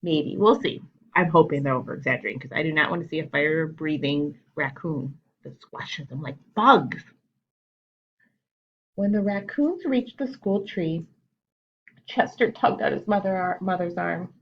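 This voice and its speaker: A woman's voice: on the low side, animated, moderate pace, lo-fi sound. A woman teacher reading a children's picture book aloud, asking the children questions and explaining words as she goes. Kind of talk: children's storytime read-aloud.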